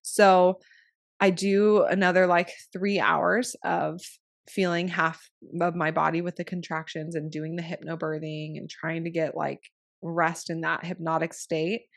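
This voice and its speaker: Young woman, podcast guest, a little low-pitched; frank, casual storyteller who swears freely. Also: level tone, unhurried, gravelly. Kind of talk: candid personal storytelling.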